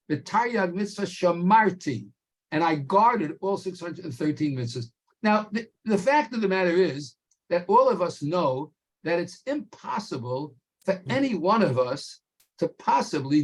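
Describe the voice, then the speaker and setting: A man teaching a Torah class, explaining slowly and stretching key words for emphasis. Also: sits high.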